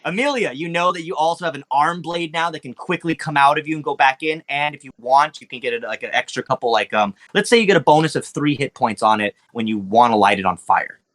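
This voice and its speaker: This man sounds a little high and fairly bright, talking fast and animatedly with barely a pause. As dungeon master, he casually recaps the last session for his players, swearing and saying um a lot.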